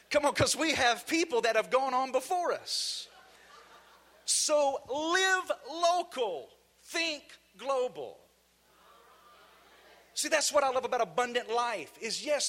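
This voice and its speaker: A man with a Southern US accent preaching an energetic sermon as guest preacher, calling out to the congregation. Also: very high voice. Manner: fiery, shouting call-and-response with the congregation. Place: church sanctuary.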